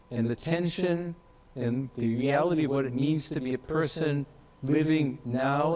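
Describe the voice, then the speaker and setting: A man giving a reflective tribute speech at an academic conference, pausing on fillers and repeating words. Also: fairly high pitch, darkish tone, rough recording. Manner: reflective, with frequent fillers and restarts. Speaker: conference speaker.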